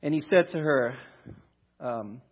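A pastor preaching a conversational sermon, talking through a scripture passage. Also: male voice, medium pitch, animated, slow, husky, dull audio. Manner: conversational, restarts, reads scripture aloud.

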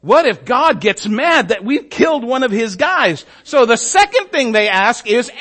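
A man's voice: very high voice, moderate pace. A man preaching a sermon as a story, acting out the characters' lines and often asking the congregation "right?". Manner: animated, acts out voices, asks "right?".

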